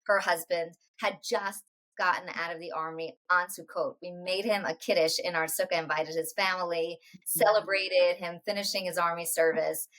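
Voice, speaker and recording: A woman in her forties, a podcast guest, telling a personal story in a halting way, full of restarts and quoted dialogue. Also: fairly low pitch, fairly even intonation, a bit bright, rough recording. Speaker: interview guest.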